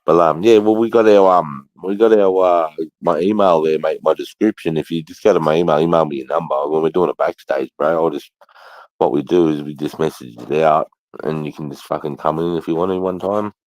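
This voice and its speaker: A man's voice: extremely low pitch, brisk, darkish tone, no echo. A man hosting a live stream, chatting casually, greeting viewers and swearing freely. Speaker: livestream host.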